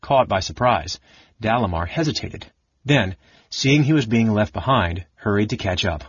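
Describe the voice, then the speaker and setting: A man reading a fantasy novel aloud as narrator, in an even, measured way. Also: fairly low pitch, husky, no room sound, lo-fi sound. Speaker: audiobook narrator.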